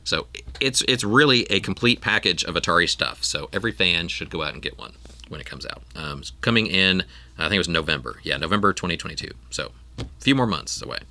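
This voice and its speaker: A man's voice: sits low, animated, fast talker, sharp tone, dry recording. A man hosting a podcast in casual chat, rambling with frequent ums and restarts. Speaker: podcast host.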